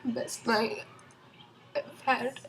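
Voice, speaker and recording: A young woman telling a storytime vlog from home in a casual, excited way, rambling with lots of fillers and restarts. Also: on the high side, very slow, a little hiss or hum, poor audio. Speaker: vlogger.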